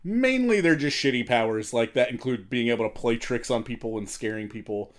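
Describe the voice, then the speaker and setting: A man's voice: medium pitch, expressive, brisk. A man co-hosting a podcast in casual, profane chat, retelling stories in a rambling way with lots of fillers. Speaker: podcast co-host.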